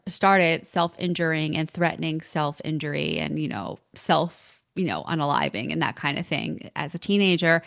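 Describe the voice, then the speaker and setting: A middle-aged woman, a parent coach, telling stories on a podcast, lively, filler-heavy and laughing often. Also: on the low side, creaky. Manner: animated storytelling, laughs often, many fillers. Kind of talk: casual podcast conversation.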